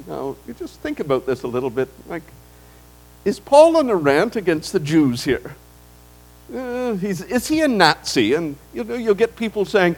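A man's voice: high-pitched, very animated, normal speed, poor audio. A man preaching a sermon to his congregation, speaking to them directly with rising and falling emphasis. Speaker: pastor. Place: church.

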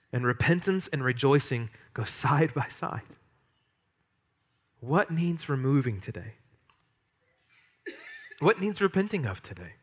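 A man preaching a sermon as pastor, lively, emphatic and humorous. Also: on the high side.

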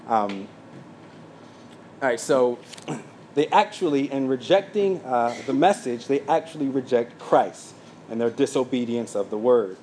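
A man teaching a sermon from his notes, speaking plainly with frequent fillers and quick asides. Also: medium pitch, expressive, darkish tone, a little hiss or hum. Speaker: pastor.

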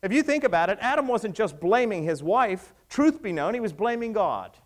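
A man with a high, light voice delivers a sermon. He tells stories with drama, dropping low and soft and then building up again. His delivery is that of a practiced preacher. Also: sing-song, moderate pace, hardly any pauses. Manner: dramatic retelling with acted quotes, swinging from hushed to raised.

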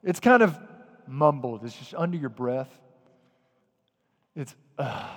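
A man preaching a sermon as pastor, lively and direct, sometimes acting out muttered grumbling. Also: fairly high pitch, normal speed, in a large hall. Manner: animated, acts out grumbling voices.

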